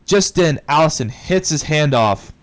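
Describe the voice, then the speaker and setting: A man casually recapping a film's plot for a review, excitable and quick to swear. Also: a little high. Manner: excitable retelling, swears often. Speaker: movie reviewer.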